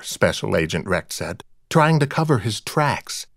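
A man's voice: fairly low pitch, very animated, a little slow, gravelly, few pauses, no room sound. A man narrating a novel in the first person, with a dry, wry storytelling manner. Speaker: audiobook narrator.

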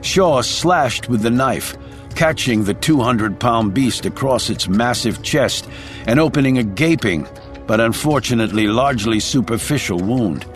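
A man narrates an action thriller in a dramatic storytelling voice, his pitch rising and falling widely. His voice sits at a middle pitch over soft music playing underneath. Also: lively intonation, a little slow. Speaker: audiobook narrator.

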